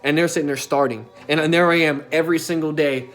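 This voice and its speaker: A man's voice: a little high, fairly even intonation, quick pace, fairly bright tone, faint music behind. A young man telling a personal story in a casual, emphatic way, as a self-development coach. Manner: casual and emphatic, with frequent filler tags and swearing.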